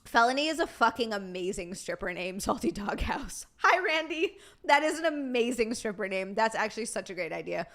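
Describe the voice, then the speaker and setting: A woman's voice: on the high side, lively intonation, a little fast, few pauses, fairly bright tone. A woman streamer chatting casually with her live chat, bubbly and rambling, reading messages aloud.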